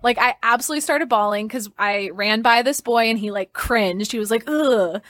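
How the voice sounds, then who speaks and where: Young woman guest telling her story, kinda high voice, lots of likes and laughs, dry close mic. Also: brisk, dry recording. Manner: chatty and expressive, laughs often, lots of "like" and "um". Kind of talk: personal storytelling in a podcast interview.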